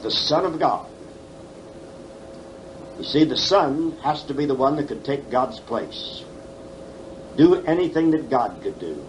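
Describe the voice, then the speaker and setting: A man in his seventies teaches scripture at a conference, hammering home points with rhetorical questions and dry folksy humor. The old tape carries a faint steady hiss behind him. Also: mid-range voice, poor audio. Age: 70s. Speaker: Bible teacher. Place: conference hall. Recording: faint background noise, 1979 tape.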